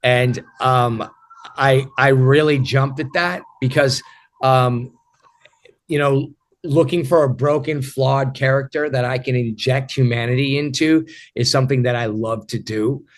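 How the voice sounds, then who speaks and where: A man's voice: medium pitch, fairly even intonation. Reflective man in his fifties. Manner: reflective, halting with repeated starts. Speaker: actor guest. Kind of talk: interview answers.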